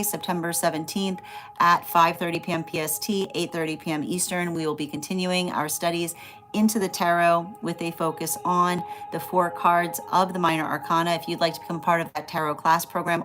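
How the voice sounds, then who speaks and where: A woman with a lowish, fairly bright voice hosts a livestream tarot reading, with a little background noise. Her casual talk is emphatic, full of repeated phrases and frequent tag questions like "right?"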